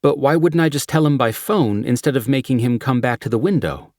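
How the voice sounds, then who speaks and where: A man's voice: medium pitch, lively intonation, brisk, darkish tone, no room sound, studio quality, voice pushed up, lightly acted. A man voicing an obliging young woman ticket clerk in an audiobook, with a cheerful manner.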